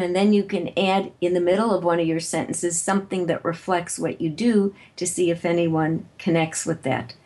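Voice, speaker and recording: A woman speaks in a fairly low voice with a confident, brisk delivery. She explains practical advice in the lively tone of an experienced speaker, as a guest in an interview. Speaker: guest, networking author and speaker.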